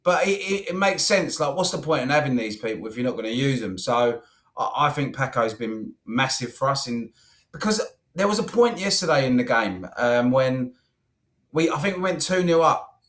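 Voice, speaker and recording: A relaxed man gives his views in a casual football chat, swearing freely as he goes. His pitch sits in the middle for a man. He talks easily and loosely. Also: normal speed. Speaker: co-host.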